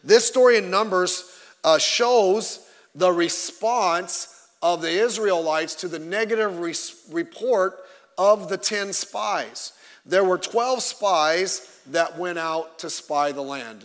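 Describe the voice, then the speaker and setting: A pastor preaching a Sunday sermon in a relaxed, joking way to his congregation. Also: on the high side. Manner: conversational with jokes to the congregation. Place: church sanctuary. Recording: long reverb of a large hall.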